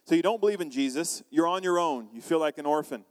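A man preaching a sermon as pastor, animated, acting out quoted voices and asking the congregation questions. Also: a little high, quick pace, big-room sound.

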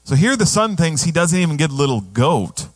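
A man's voice: on the high side, big pitch swings, fairly quick. A male pastor preaching a sermon in a conversational way, often asking the congregation questions.

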